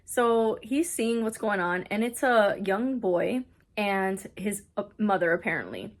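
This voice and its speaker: A young adult woman chatting casually in a book vlog, retelling a story in an excitable way full of "like". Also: mid-range voice, unhurried. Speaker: book vlogger. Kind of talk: casual reading vlog chat. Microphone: camera on a stand, not handheld.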